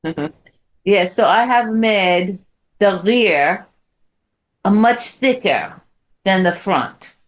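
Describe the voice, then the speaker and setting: A woman's voice: medium pitch, animated, extremely slow, pauses often. A woman improvising as a sly, confident architect with a put-on French accent.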